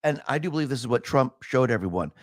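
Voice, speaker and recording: A man's voice: mid-range voice, lively intonation, fast talker, no room sound. A man giving a solo livestream monologue, speaking emphatically and building to heated rhetorical questions. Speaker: political commentary streamer.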